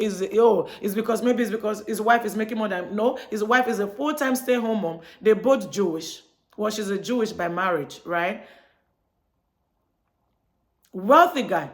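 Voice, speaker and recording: A woman from Chicago talking straight to her viewers in a casual monologue, telling a story and acting out both sides of the conversation. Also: a little high. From Chicago, United States. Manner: chatty storytelling, acts out dialogue. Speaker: vlogger.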